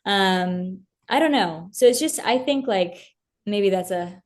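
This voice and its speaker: A woman's voice: mid-range voice, lively intonation, unhurried. A young woman as an interview guest, talking earnestly and from the heart about her faith, with many fillers and restarts. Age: young adult.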